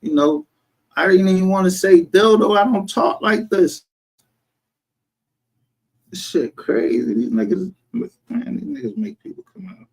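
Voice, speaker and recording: A man's voice: sits high, expressive, a little slow, long pauses, darkish tone. A man streaming a casual, profane rant, heated and defensive.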